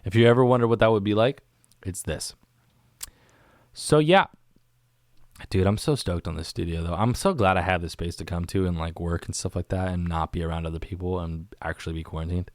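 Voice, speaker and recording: A deep-voiced man talks a little fast in a dry recording, hosting a solo podcast from a small studio. He rambles in a relaxed way and uses "dude" and "man" constantly, speaking into a studio microphone shown on camera.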